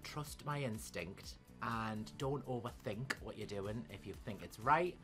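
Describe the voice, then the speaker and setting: A man's voice: lowish voice, measured pace, fairly bright tone, faint music behind. A man who performs in drag, talking casually in an interview and gushing about his castmates. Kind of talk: casual chat.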